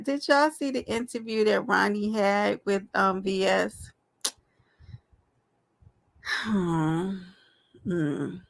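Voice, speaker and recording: A woman's voice: mid-range voice, creaky, fairly bright tone. A woman hosting a casual live stream, talking straight to her viewers in a chatty, affectionate way. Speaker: livestream host.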